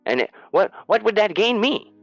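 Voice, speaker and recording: A man voicing a flamboyant, fussy male gnome shopkeeper who floats on a pillow, speaking in a high, swooping, theatrical voice. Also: very animated, moderate pace, no room sound, dull audio, faint music behind. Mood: indignant.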